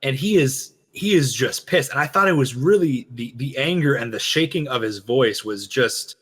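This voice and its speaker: A man co-hosting a game lore reaction show, talking fast and animatedly, acting out quoted lines. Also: mid-range voice, animated, slightly rough. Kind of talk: casual chat, lore analysis.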